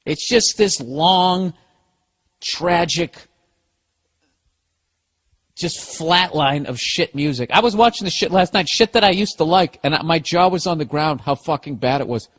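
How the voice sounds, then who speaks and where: A man's voice: a little high, animated, measured pace, fairly bright tone. A middle-aged man hosting a podcast, ranting alone in a sarcastic, profane, casual way. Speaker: podcast host.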